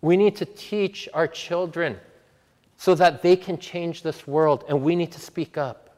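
A man preaching a sermon and leading a prayer, earnest and emphatic, slowing down to stress repeated words. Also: fairly high pitch, a little mellow, long reverb tail. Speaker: pastor.

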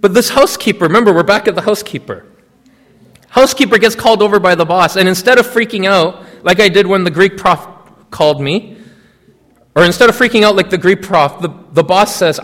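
High-voiced man preaching in a reverberant hall. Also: fairly quick, fairly bright tone. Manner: storytelling, addresses listeners directly. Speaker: pastor. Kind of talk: sermon.

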